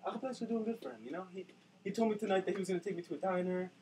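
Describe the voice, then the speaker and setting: A young man voicing a doting wife who gushes about her husband, talking softly and rambling, on a distant mic. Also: high-pitched, rapid-fire, noisy background, lightly acted. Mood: gushing. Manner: gushing, rambling.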